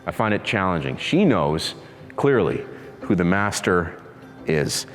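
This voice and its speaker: Male pastor, casual conversational sermon, low voice, reverberant hall. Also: big pitch swings, measured pace, soft background music. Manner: conversational preacher, acts out voices, laughs easily.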